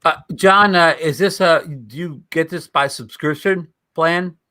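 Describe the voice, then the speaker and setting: Curious guy on a video call, bright voice, dry close sound, asks a lot. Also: a little high, unhurried, no room sound. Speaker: panel guest. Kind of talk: casual panel chat.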